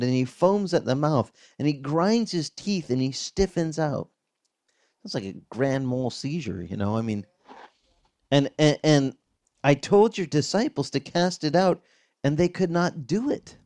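A male pastor preaching a sermon, reading scripture and explaining it in a conversational, animated teaching manner with vivid reenactments. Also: medium pitch.

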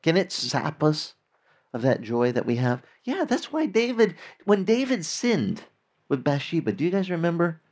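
Lively conversational male preacher. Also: a little high, moderate pace. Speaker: pastor. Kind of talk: sermon.

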